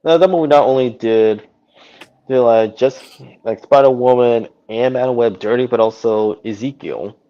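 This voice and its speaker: A man joining a casual talk, speaking haltingly and often repeating words. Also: mid-range voice, dark tone, lo-fi sound. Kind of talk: casual chat.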